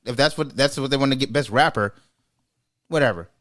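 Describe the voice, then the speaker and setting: A man's voice: medium pitch, fairly quick, fairly bright tone. A man hosts a casual podcast debate and gives his opinions emphatically. He speeds up when he drives a point home. His delivery is conversational and direct. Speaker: podcast host.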